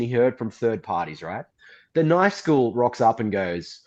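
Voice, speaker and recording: A man's voice: mid-range voice, big pitch swings, normal speed, darkish tone. A man recapping events on a livestream and mocking the people he quotes. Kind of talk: casual livestream commentary. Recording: muffled lo-fi stream audio.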